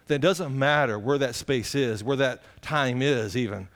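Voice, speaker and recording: A man's voice: medium pitch, normal speed, few pauses. A man, a pastor preaching a folksy, conversational sermon and putting direct questions to the congregation.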